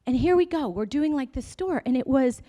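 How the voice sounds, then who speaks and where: A woman's voice: high-pitched, animated, normal speed, dark tone. A woman in her forties giving a conference keynote, telling her story in a chatty way with sarcastic asides to the audience. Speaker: company founder giving a keynote. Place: conference stage before an audience.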